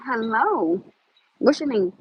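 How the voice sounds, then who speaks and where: Chatty high-voiced woman livestreaming outdoors. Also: big pitch swings, slow pace, slightly rough, dry recording, highs cut off. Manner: loud, chatty and exasperated, laughing often. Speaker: livestream host. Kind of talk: casual livestream chat. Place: outdoors in the cold.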